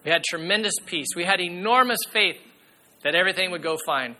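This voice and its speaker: A pastor delivers his sermon earnestly and emphatically, sometimes sinking into a hushed voice. His voice sits high, and his pace is brisk.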